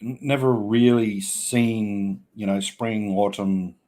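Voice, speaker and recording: Laid-back Australian bloke chatting live. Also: male voice, lowish voice, steady tone, slow pace, dark tone. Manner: laid-back, laughs often, blokey slang. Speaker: livestream host reading chat. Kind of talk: casual live chat.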